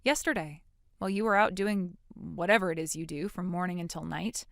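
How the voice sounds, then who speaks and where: A woman's voice: on the low side, fairly quick, vocal fry, no echo, clean studio sound. An actress voicing a blunt, sarcastic young woman standing up to her mother in a dramatic story. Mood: defiant. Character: defiant, sarcastic young woman cutting ties. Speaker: grown daughter in a voiced story.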